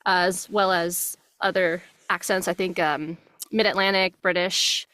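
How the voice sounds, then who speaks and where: A young woman from New Jersey with a subtle New Jersey accent, a voice actress chatting casually as an interview guest from her home closet studio, friendly and quick to laugh. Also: on the low side, steady tone, pushed and bright, no room sound.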